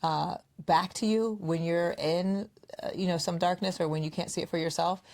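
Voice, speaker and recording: Woman podcast co-host, low voice, casual storytelling, mimics friends' lines. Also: moderate pace. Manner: animated storyteller, acts out quoted friends. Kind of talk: casual conversational podcast chat.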